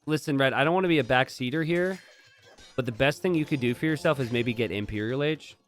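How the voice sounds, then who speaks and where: A man casting a strategy game, chatty and jokey, bursting into excited shouts and laughter. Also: medium pitch, quick pace, soft background music. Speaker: game caster. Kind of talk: live strategy game commentary.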